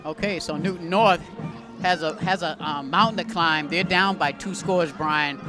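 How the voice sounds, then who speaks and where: A man calling a local high school football game as play-by-play announcer from the press booth. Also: normal speed. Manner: excited shouting on big plays. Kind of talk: local sports commentary. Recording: loud crowd and music behind.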